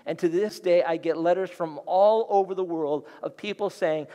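A middle-aged man, a guest pastor, preaching an animated storytelling sermon in a church. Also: high voice, moderate pace, few pauses, clear, resonant tone. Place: church sanctuary. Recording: long hall reverb.

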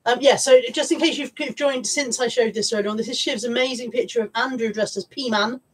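Woman nattering away on a home livestream, bit husky, highish voice, swears casually. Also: steady tone, brisk. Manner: chatty and informal, swears casually, coos at her dog. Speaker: livestream host. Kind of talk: casual live chat, reading viewer comments. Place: at home with piles of stuff around her.

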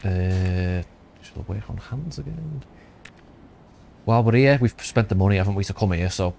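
Deep-voiced rambling man gaming. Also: expressive, normal speed, creaky, a little mellow, a little hiss or hum. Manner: rambling, swears, thinks aloud. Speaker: gaming youtuber. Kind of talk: casual gameplay commentary.

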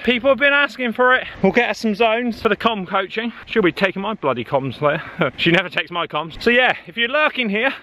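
A man's voice: very high voice, pushed and bright. A man, chatting casually while out cycling, joking and swearing freely. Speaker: cycling vlogger. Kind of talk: casual chat while riding. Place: outdoors on a bike on country roads. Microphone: action camera on the bike.

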